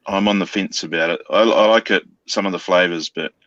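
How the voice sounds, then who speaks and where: A man's voice: low voice, brisk, a bit bright, no room sound, highs cut off. A man with a New Zealand accent, a guest in a casual chat, laid-back and wry.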